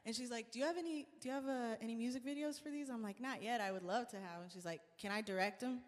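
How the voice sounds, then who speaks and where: A woman host and singer telling stories in a casual chat on a live stream, animated and laughing often as she acts out quotes. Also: a little high, fast talker, in a large hall.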